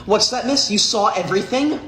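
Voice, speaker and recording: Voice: medium pitch, a little fast, fairly bright tone, a little hiss or hum, natural voice. A performer playing a prissy, self-righteous schoolkid who is always telling on classmates. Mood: tattling. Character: smug tattletale know-it-all schoolkid, teacher's pet. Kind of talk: comedy skit acting.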